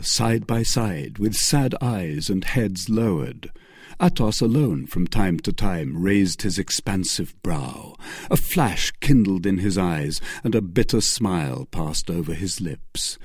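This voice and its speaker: A man narrating a classic adventure novel as an audiobook in an expressive reading voice. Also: slightly rough, dry recording, studio quality. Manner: expressive, varied pitch reading. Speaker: audiobook reader.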